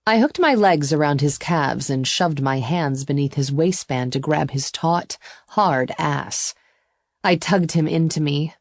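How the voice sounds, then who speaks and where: A woman narrating a first-person romance audiobook in an even, intimate storytelling voice. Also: low-pitched, gravelly, no room sound, studio quality.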